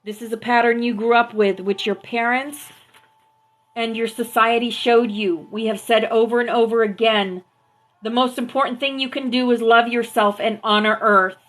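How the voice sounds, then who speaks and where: A woman hosting a spiritual live stream, gently affirming her viewers and reading out teachings through a phone mic. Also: a little high, steady tone, normal speed. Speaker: spiritual livestream host. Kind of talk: spiritual livestream talk to viewers.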